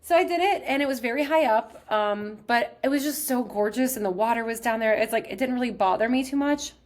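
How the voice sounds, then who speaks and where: A woman's voice: fairly high pitch, a little fast. A young woman from Texas hosting a podcast, chatting casually as she tells a personal story, filling her sentences with "like". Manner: chatty, heavy use of "like". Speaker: podcast host.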